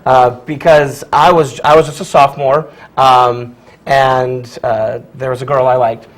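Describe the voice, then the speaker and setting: A man who teaches high school drama, from Virginia, talking casually in an interview with lots of fillers and laughs. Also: little pitch movement, a little slow, rough recording. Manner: chatty, laughs often, many fillers and restarts.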